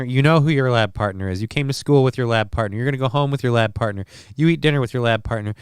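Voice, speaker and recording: A man's voice: medium pitch, fast talker, few pauses, clean tone, dry recording, clean studio sound. A man hosting a casual comedic news stream, rambling and sarcastic and swearing freely. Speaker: host.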